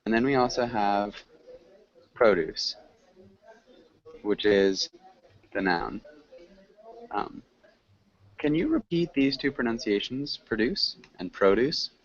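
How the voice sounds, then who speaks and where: A man teaching an online English class, correcting students patiently and clearly. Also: mid-range voice, animated, measured pace, pauses often. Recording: muffled lo-fi call audio with faint hiss.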